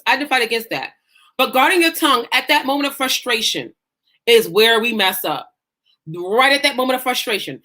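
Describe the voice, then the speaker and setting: This faith-based life coach speaks on the high side, animated and a little fast, in a bright, forceful tone. She teaches her group like a preacher, with passion and emphasis, performing self-talk in quotes.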